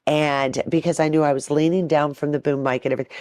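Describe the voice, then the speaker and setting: A woman in her thirties co-hosting a podcast, telling stories in a lively, profane way and acting out what people said. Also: sits low, quick pace, no echo, studio quality. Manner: animated, profane, acts out quotes. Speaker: podcast co-host. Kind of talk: casual storytelling chat.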